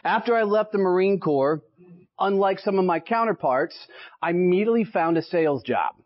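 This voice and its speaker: A sales speaker in his late thirties from Texas, with a Texan accent and a high, expressive voice, gives a motivational talk at normal speed to an audience at an association meeting. He tells punchy stories and keeps checking in with "right?". The live recording is dull and lo-fi.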